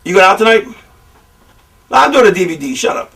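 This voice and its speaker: High-voiced man telling rambling, profane stories. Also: a little fast, gravelly, distant mic. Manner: rambling, profane, animated storytelling. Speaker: pro wrestler giving a shoot interview. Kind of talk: candid storytelling interview.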